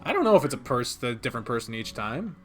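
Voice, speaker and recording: A man's voice: medium pitch, very animated, fast, soft background music. A man hosting a casual game playthrough, joking, swearing and laughing often as he reads. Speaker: let's play host.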